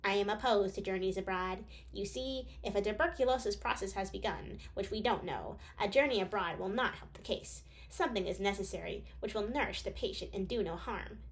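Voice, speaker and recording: A pompous, impatient doctor lectures in a nerdy, subdued, measured way, as a woman reader puts him on. His voice is quieter than the reader's plain speech. It is an audiobook character reading. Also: medium pitch, natural voice. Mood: lecturing. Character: pompous celebrated male doctor, cold and impatient.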